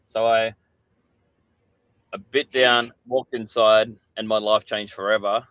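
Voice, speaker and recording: A man's voice: lowish voice, flat delivery, takes it slowly, fairly bright tone, clean tone, dry recording. A middle-aged Australian man, a podcast guest, telling candid stories in casual chat and swearing freely.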